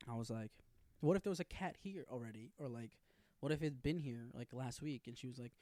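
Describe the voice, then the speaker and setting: A man's voice: mid-range voice, fairly quick, dark tone, dry recording. A young man in casual podcast chat, loose and joking, swearing freely and acting out what people said. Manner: loose, joking, swears a lot, acts out quotes. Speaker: podcast co-host.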